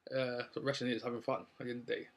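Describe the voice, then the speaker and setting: Talking very fast in a mid-range voice with little pitch movement, a young man from London casually runs through a wrestling show. His London-accented recap is rambling and upbeat, loaded with ums and likes.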